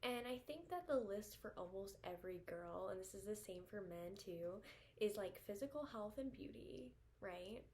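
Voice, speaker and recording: A woman's voice: medium pitch, lively intonation, moderate pace, darkish tone. A young woman talking casually to camera about dating advice for women, blunt, chatty and full of swearing and fillers. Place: indoors at home with air conditioner running. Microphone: camera facing her. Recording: audible background hum at home.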